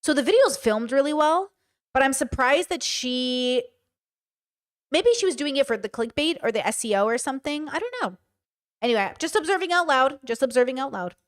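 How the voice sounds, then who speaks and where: A woman's voice: sits high, expressive, a little fast. A woman hosting a livestream, chatting casually about a video with lots of fillers and restarts. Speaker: streamer host.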